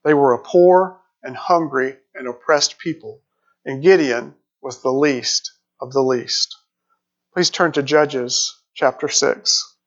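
A man's voice: medium pitch, slow pace. A man preaching a sermon, reading scripture aloud and asking the listeners questions. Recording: dull lo-fi recording.

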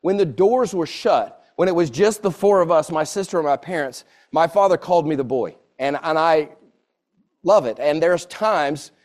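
High-voiced preacher in his forties. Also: moderate pace, darkish tone. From Southern United States. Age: 40s. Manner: earnest, repeats phrases for emphasis. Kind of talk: sermon.

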